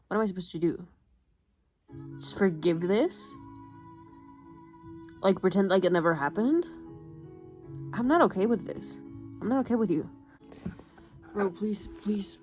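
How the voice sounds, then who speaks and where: Young woman, book vlog, emotional, profane, loud then muttering, faint music behind. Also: mid-range voice. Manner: emotional, swearing, swings between loud outbursts and muttering. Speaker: book vlogger. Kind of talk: casual reading vlog reaction.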